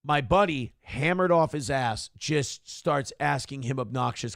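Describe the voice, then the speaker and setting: A man's voice: mid-range voice, unhurried, creaky, hardly any pauses, dry recording, studio quality. A man in his forties hosting a morning talk show, telling profane, rambling stories in a casual chat style. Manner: profane, animated storytelling.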